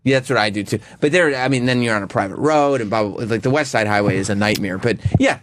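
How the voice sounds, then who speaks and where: Deadpan self-mocking male radio host. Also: medium pitch, quick pace, no room sound. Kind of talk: casual radio chat.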